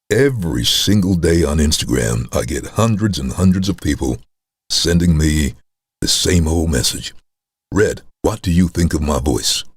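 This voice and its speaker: Very deep-voiced animated storyteller man. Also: husky, no echo, studio quality. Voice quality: very deep resonant chest voice. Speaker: voice-over artist guest. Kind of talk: casual interview storytelling.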